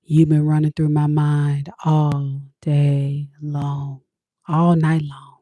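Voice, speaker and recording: Woman doing a begging ex, slow low croony voice, dry sound. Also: monotone, warm tone, dry recording. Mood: pleading croon. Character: pleading remorseful ex-lover, crooning to win back.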